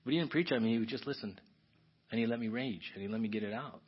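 A male pastor preaching a conversational, emotional sermon. He swings from hushed whispers to loud, emphatic bursts, with frequent restarts. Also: mid-range voice, fast talker, slightly rough. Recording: dull, muffled recording.

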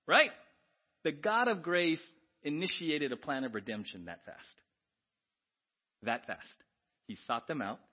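Animated male preacher, lively pitch. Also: normal speed, highs cut off. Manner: animated preaching, quoting scripture, asking the congregation questions. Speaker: pastor. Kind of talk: sermon.

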